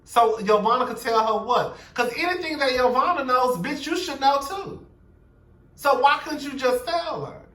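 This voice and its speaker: A man's voice: very high-pitched, normal speed, fairly bright tone, reverberant, recorded from a distance. A young man giving a sassy, blunt, profane recap of a reality TV episode, gossiping and quoting the cast. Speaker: show recap commentator.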